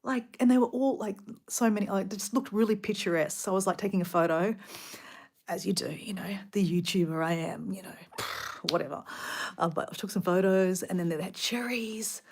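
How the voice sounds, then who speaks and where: A middle-aged Australian woman rambling casually about her day, chatty and animated, full of asides. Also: mid-range voice, a little fast, gravelly, husky. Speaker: vlogger. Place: hotel room.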